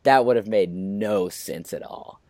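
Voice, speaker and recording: A man's voice: lowish voice, a little slow, warm tone, dry recording. A man hosting a casual movie review, leading the talk with eager opinions and lots of "you know"s. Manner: enthusiastic, leads the discussion, many "you know"s. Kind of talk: casual chat.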